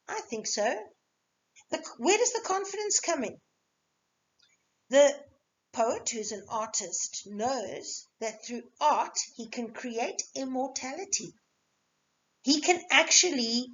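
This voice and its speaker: A woman teaching an exam revision lesson, explaining patiently and answering her own questions. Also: high-pitched. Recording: dull lo-fi recording.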